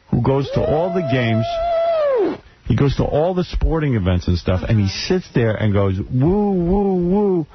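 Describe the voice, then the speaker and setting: A man's voice: medium pitch, husky. A man hosting a radio show, chatting casually in a crude, blunt way. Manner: crude, blunt and animated storytelling. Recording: dull radio broadcast audio with faint noise.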